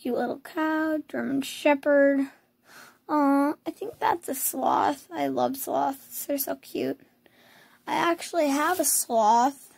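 A young woman with a hoarse voice chatting casually as she scrolls through pictures, cooing over the cute ones. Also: high voice, slow pace, darkish tone, no echo. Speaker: vlogger. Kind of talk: casual screen tour.

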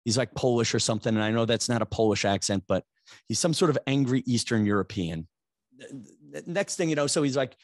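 A man's voice: medium pitch, fast, dry recording, clean studio sound. Rambling self-mocking male podcast host. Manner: rambling and self-mocking, rising to exasperated outbursts. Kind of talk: comic storytelling monologue.

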